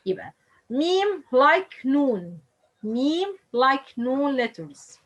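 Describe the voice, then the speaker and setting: A woman with a high, fairly bright voice, a native Arabic speaker, teaches a tajweed pronunciation lesson in English as a Quran recitation teacher. She speaks slowly, drilling and repeating letters, sounds, and words for the learner, using non-native English grammar. The recording quality is low.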